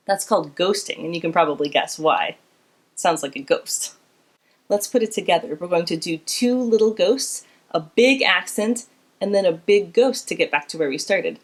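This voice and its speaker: A woman's voice: on the low side, moderate pace. A woman teaching a beginner string class, explaining bowing and counting students in with encouragement. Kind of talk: instrument lesson. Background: instrument playing.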